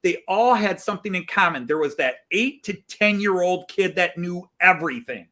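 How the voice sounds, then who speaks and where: A man hosting a casual group chat, talking in a rambling, animated way with many restarts. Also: high-pitched, moderate pace. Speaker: host.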